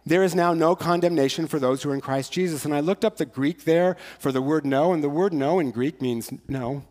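A male pastor preaching in a church sanctuary, his fairly high voice trailing off into a long hall reverb. He talks in a conversational, joking way and drifts into rhythmic, rhyming lines. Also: a little fast, a little mellow. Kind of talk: sermon.

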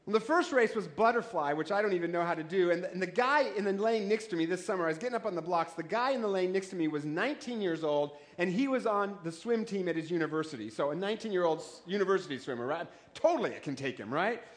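High-voiced man preaching a joking sermon. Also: lively intonation, quick pace, few pauses. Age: 40s. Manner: joking, conversational preaching with rhetorical questions. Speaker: pastor.

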